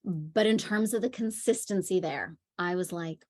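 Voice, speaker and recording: A woman's voice: on the low side, moderate pace, a little mellow. Chatty woman parenting coach. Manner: chatty storytelling with frequent fillers. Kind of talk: conversational teaching talk.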